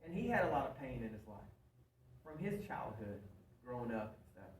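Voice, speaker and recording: A man's voice: medium pitch, sing-song, moderate pace. A man gives a sermon-style talk with an earnest, folksy delivery, circling back over his points and asking the audience questions. He stands a little way from the mic, so the voice sounds distant in a roomy hall. A faint hum of room noise sits underneath. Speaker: speaker at a men's meeting. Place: church hall before an audience.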